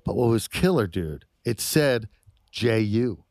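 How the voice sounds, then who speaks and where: A man co-hosting a podcast in casual chat, telling crude stories with excitable energy. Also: lowish voice, slow pace, no echo, clean studio sound. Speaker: podcast co-host.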